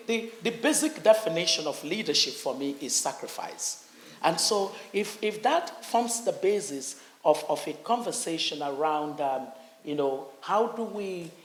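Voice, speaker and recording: A Nigerian woman speaking on stage at a conference, passionately, acting out the voices of different groups. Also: low voice. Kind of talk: on-stage conversation. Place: conference hall. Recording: echoey conference hall.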